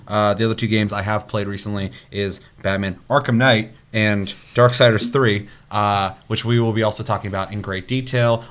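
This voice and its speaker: A young man co-hosting a gaming podcast, chatting casually with a fairly low voice. He tells stories in a loose, animated way and swears freely as he goes. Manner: loose, profane, animated storytelling. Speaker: podcast co-host.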